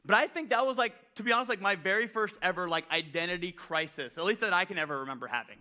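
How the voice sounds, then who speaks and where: Male pastor, casual sermon storytelling, self-deprecating, high bright tone. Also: quick pace. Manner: animated, self-deprecating storyteller, many "like" fillers.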